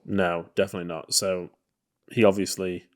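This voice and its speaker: Deep-voiced man chatting about films. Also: level tone, moderate pace. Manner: loose and hedging, full of "you know" and "kind of". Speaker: podcast co-host. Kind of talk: casual film discussion.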